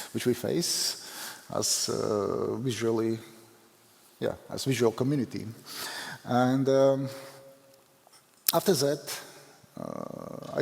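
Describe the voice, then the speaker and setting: A Latvian man with a Latvian accent, speaking in halting, self-deprecating English with many fillers as a photographer giving a conference talk. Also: mid-range voice, creaky. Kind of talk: unscripted conference presentation. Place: large hall. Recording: long hall reverb.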